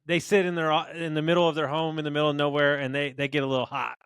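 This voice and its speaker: Brief: upbeat business-owner guest, slightly high voice, spins animated stories, cusses freely, dry close sound. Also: male voice, quick pace, clean tone, dry recording. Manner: animated, swears, acts out dialogue in stories. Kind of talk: casual interview storytelling.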